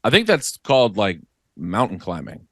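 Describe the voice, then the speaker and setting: A man's voice: on the low side, very animated, normal speed, no room sound, studio quality. A man co-hosting a podcast in casual chat, jokey and profane, slipping into mock voices. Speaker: podcast co-host.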